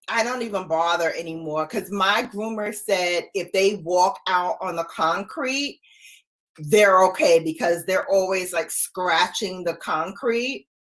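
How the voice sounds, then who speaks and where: A woman in her forties chatting casually with live viewers from home, playful and quick to laugh. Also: mid-range voice, a bit bright. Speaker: livestream host.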